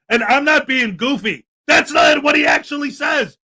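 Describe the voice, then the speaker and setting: Hosting a livestream, a man with a strikingly high voice rants away, bright and cutting, sarcastic and indignant as he snaps back at chat. His pitch swings wildly while his pace stays moderate.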